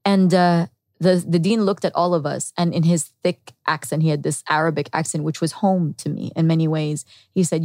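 This is a woman speaking as a podcast guest, recounting her own story in an earnest, reflective way. Her voice sits on the lower side. The recording is dry and close, with no room sound. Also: fairly even intonation, moderate pace, mellow, no echo. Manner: earnest and reflective, with quoted inner thoughts. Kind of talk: candid personal storytelling.

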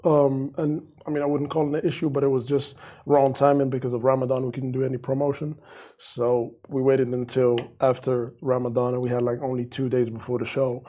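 Relaxed man, mellow voice. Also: mid-range voice, brisk. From Morocco. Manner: relaxed, hesitant with many fillers. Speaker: guest musician. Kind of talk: interview answers.

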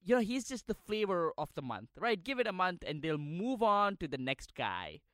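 A man's voice: sits high, big pitch swings, normal speed, a bit bright, no echo, studio quality. A man co-hosting a podcast, arguing in a mock-serious, emphatic way. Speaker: podcast co-host. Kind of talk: casual comedic debate.

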